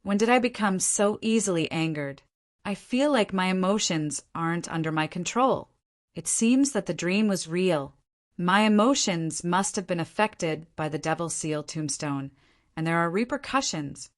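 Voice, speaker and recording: A woman voicing a young male hero in an audiobook, turning over his fears inwardly. The thoughts come in a fairly low, even voice. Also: moderate pace, lightly acted. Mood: brooding. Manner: inward, uneasy musing.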